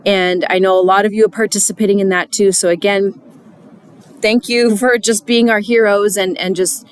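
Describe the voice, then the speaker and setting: A woman's voice: mid-range voice, fairly even intonation, moderate pace, smooth. A middle-aged woman speaking to church volunteers in an earnest, chatty devotional talk, with many fillers and restarts.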